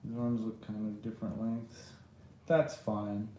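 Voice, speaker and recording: A man's voice: fairly low pitch, level tone, measured pace, warm tone, a little hiss or hum. A man giving rambling, self-deprecating live commentary while he draws, laughing often. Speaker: drawing streamer. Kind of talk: casual live drawing commentary. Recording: very echoey room.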